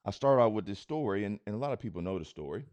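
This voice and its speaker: A man hosting a podcast, giving a motivational talk in a casual, slangy way, driving his points home with repeated rhetorical questions that build to loud urging. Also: fairly low pitch, animated, very fast, no room sound, muffled recording. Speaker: podcast host. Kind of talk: motivational speech.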